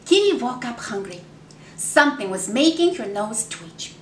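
Woman children's story reader; high, slow, animated sing-song delivery; echoey room, faint noise. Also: recorded from a distance. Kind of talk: reading a picture book aloud to children.

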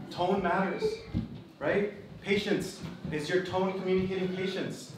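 A man's voice: high voice, steady tone, measured pace, over loud music. A man from the Philippines, preaching to a live group as pastor and host. He is emphatic and keeps repeating his key phrases. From Philippines (Kapampangan). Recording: echoey room, distant mic, background noise.

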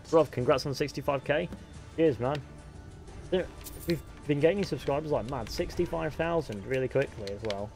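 A young man streaming a game live, chatting casually, swearing freely and answering his chat out loud. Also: fairly high pitch, normal speed, gravelly, soft background music.

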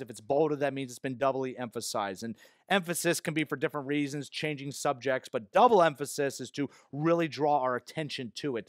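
A man's voice: no room sound, studio quality. A male pastor delivering an expository sermon in a church, earnest, with self-deprecating asides. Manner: hushed, low prayer voice. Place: church sanctuary.

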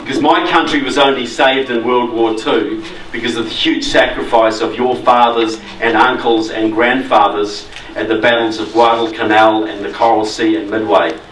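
A man's voice: mid-range voice, steady tone, normal speed, fairly bright tone, a little hiss or hum. A man from New Zealand with a New Zealand accent, giving a conversational but emphatic public talk as guest speaker. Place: meeting hall. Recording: echoey hall, mic from far off.

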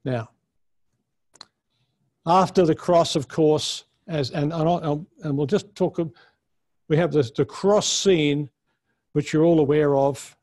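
A man teaches a conference session on the Bible with a somewhat high voice. His delivery is earnest and unscripted, and he often restarts his sentences as he works out his point. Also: takes it slowly, pauses often, darkish tone. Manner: earnest, thinks aloud with frequent restarts and fillers. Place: conference room.

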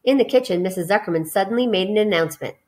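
A woman's voice: medium pitch, rapid-fire. Woman reading a children's novel aloud. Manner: expressive, with small slips and restarts. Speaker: reader.

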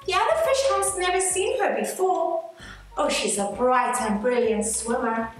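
Teacher reading a picture book, expressive and slow, high voice, roomy sound with faint music behind. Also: female voice, recorded from a distance. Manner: expressive, sing-song storytime. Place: school. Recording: echoey room, faint music.

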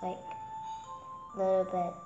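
A young female reader telling a Bible story aloud, pausing to explain in her own words with fillers and self-corrections. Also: medium pitch, monotone, highs cut off. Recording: echoey room with faint music.

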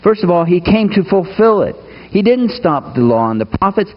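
A man's voice: high-pitched, big pitch swings, normal speed, highs cut off. A man preaching a sermon to his congregation, emphatic, putting rhetorical questions to the listeners. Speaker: pastor. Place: church sanctuary.

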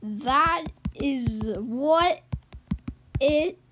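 A woman giving let's-play game commentary as a YouTuber, swinging between loud excited yelps and low muttered asides. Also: drawn-out words, noisy background. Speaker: gaming YouTuber.

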